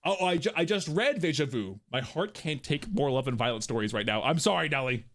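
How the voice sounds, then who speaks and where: A man streaming a game, reading and reacting aloud in a jokey way, quick to laugh. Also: on the high side, animated, fairly bright tone, dry recording.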